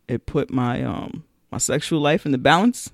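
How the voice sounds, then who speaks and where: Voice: mid-range voice, normal speed, dry recording, clean studio sound. A young adult podcast co-host, chatting casually in a blunt, joking, profane way. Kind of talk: casual chat.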